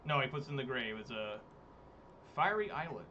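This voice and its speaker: A man's voice: mid-range voice, very animated, a little fast, sharp tone, highs cut off, slight background noise. A man streaming a card game, giving casual, exasperated commentary, swearing and talking to his chat. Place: home room, hot day.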